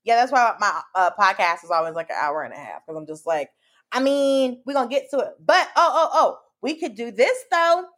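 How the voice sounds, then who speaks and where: A woman's voice: fairly high pitch, expressive, a little fast, a bit bright. A woman comedian chatting as a guest, playful and acting out her reactions as she talks. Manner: playful, acts out her reactions with lots of "like" and "girl". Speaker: comedian and podcast host, guest. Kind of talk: animated casual conversation.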